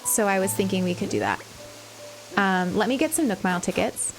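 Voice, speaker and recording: A young woman chats casually with her live-stream viewers, gushing with emotion and laughing at herself. Her voice is average in pitch and fairly quick, with faint music in the background.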